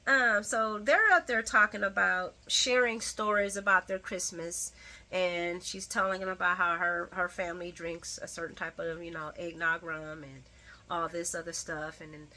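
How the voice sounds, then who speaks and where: A woman's voice: mid-range voice, bright, forceful tone. A woman recapping a soap opera episode in casual chat, full of sassy asides and frequent laughter.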